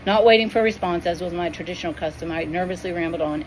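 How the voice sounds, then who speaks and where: A woman tells her spiritual vision with earnest, devout emotion. Her voice sits somewhat low, and a faint background hiss runs under the reading. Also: quick pace, hardly any pauses, rough recording. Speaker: Christian storyteller.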